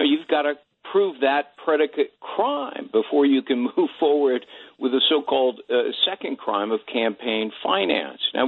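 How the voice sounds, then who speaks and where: Legal analyst guy calling in, explains slowly with lots of you-knows, phone sound, dry. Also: mid-range voice, no room sound, phone-quality sound. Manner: explanatory, hesitant fillers. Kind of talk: radio talk show discussion.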